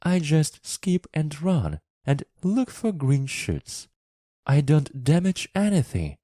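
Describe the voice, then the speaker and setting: A man voicing a lonely, eager young girl in a storybook reading for English learners, with a high, pleading girlish voice. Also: big pitch swings, slow, mellow, no echo, studio quality, exaggerated voice.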